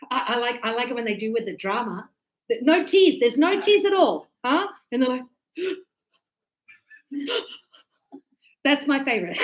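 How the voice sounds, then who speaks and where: A woman teaching English pronunciation to a class, animated, acting out examples and checking often that everyone understands. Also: high voice, poor audio.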